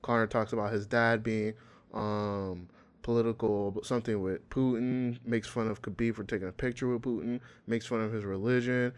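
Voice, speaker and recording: Animated man retelling a fight story. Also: fairly low pitch, normal speed. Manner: animated storytelling, acts out quotes. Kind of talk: casual chat.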